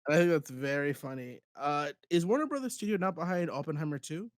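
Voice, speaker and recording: A man's voice: fairly high pitch, animated, no room sound, clean studio sound. Joking podcast co-host, a man. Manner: joking, drops into quick impressions. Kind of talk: casual chat.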